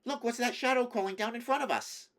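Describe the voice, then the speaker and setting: Excited young boy voice, high and breathless, shouting out stuff, guy reader putting it on. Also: brisk. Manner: eager, raised, breathless exclamations.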